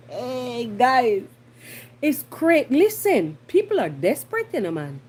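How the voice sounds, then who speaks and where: Jamaican woman host, husky higher voice, lively and blunt, drifts into patois. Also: unhurried. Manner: animated, blunt, slipping into patois. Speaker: podcast host. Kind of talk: casual commentary monologue.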